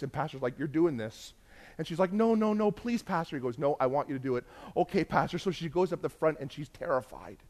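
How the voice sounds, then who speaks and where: A man preaching a sermon, telling a story and swinging between hushed, intimate moments and loud, emphatic lists. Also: mid-range voice. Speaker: pastor.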